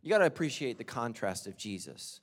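Pastor with animated sermon delivery. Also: male voice, medium pitch, fairly quick. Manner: swings from loud shouting to quiet confession; humorous asides and acted-out quotes. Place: large church auditorium. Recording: long reverb of a large hall.

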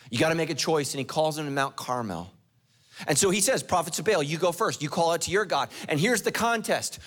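A male pastor preaching a sermon, telling a story dramatically and putting questions to his congregation. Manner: dramatic storytelling with swings from loud and high to low and hushed; preaching to a live congregation, asking the crowd questions.

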